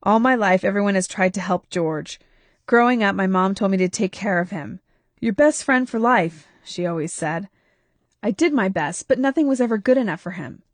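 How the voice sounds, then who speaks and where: A woman voicing a tired, worried husband who talks quietly and soothingly. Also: medium pitch, expressive, normal speed, dry recording, close to an everyday voice. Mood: bitter. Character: weary worried husband, gentle and protective.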